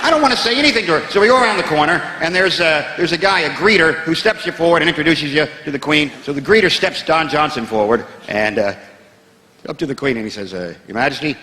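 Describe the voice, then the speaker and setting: American male stand-up, wry storyteller, high-ish voice, echoey theatre, crowd laughing. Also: fast, sharp tone. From United States. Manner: wry storytelling, drops to a low mutter for asides. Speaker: stand-up comedian. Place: large theatre stage before a live audience.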